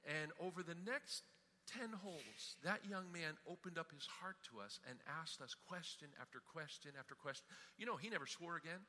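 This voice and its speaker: A man pastor giving a sermon, telling a story with animated, emphatic delivery. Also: on the high side, moderate pace, a little hiss or hum. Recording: hall reverb.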